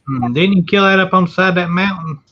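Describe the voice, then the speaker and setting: A man's voice: high voice, fast talker. A man hosting a casual chat, folksy and joking. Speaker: host. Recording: dull lo-fi sound.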